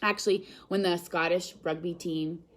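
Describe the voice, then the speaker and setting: A talkative woman speaks as a guest on a live stream. She chats in an animated, upbeat way. She reads viewer comments aloud and responds to them. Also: on the low side, normal speed. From Canada. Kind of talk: live-stream motivational chat.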